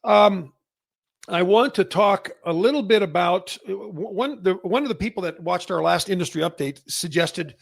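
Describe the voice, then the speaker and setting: Middle-aged man from Canada, retailer host, gravelly voice, rambling delivery, dry recording. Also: high voice, normal speed, no room sound. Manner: rambling, many restarts and fillers. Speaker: massage chair retailer and host. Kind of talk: casual industry update talk.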